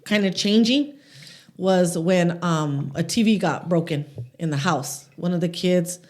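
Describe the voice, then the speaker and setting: A middle-aged woman co-hosting a casual podcast, telling stories with lively acted-out quotes and frequent swearing. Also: on the low side, measured pace. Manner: animated storyteller acting out quotes, swears freely. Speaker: podcast co-host. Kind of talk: casual chat, storytelling.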